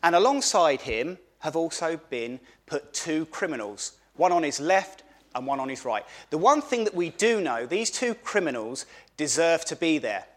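A man giving a children's sermon at a family church service, animated, asking the children questions and repeating words for emphasis. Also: a little high, moderate pace.

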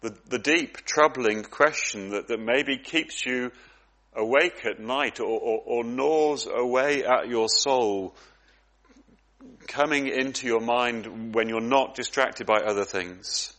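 A man preaching in an earnest, reflective way, with a voice of ordinary middle pitch. He often stumbles over and repeats words as he thinks aloud. His sermon moves steadily through questions and answers. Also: slow pace, fairly bright tone.

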